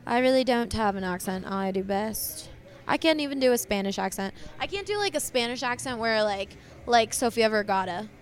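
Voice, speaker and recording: A woman's voice: on the high side, lively intonation, a little fast. A woman co-hosting a casual sports podcast in a tavern, chatty and teasing. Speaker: podcast co-host.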